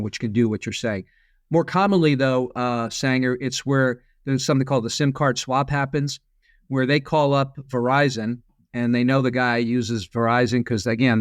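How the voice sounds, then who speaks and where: A man's voice: mid-range voice, no echo, studio quality. A man as a podcast guest, explaining at length with frequent restarts. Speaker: guest, former FBI agent. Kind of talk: casual podcast interview.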